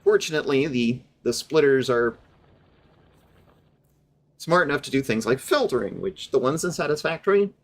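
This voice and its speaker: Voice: mid-range voice, expressive, normal speed, pauses often. A streamer giving casual, chatty commentary over a factory-building game, explaining its mechanics with amusement.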